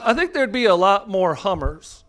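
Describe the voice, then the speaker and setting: A man's voice: high-pitched, very animated, normal speed. A middle-aged American man doing a stand-up comedy set on stage, delivering crude punchlines in a brash way into a handheld mic. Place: comedy venue stage before a live audience. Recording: live set drowned by loud crowd laughter.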